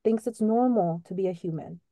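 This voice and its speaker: A middle-aged woman talks with open, heartfelt emotion in a relaxed podcast conversation, often breaking into laughter. Her tone is soft and mellow, recorded close and dry. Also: medium pitch, a little fast, no echo. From Latino family background. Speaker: podcast co-host.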